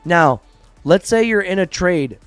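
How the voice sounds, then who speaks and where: A man streams a live trading lesson, talking bluntly and swearing freely as he acts out traders' panic and regret. His voice sits a little high for a man. The sound is dry and close, with faint music playing underneath. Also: unhurried, clear, resonant tone, no room sound. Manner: blunt, profane, animated, acts out traders' reactions. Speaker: trading livestream host.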